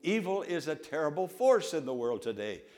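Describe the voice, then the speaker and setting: A man's voice: a little high, sing-song, normal speed, darkish tone. A man preaching a sermon in a church, with emphatic repetition and call-and-response. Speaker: pastor. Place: church sanctuary.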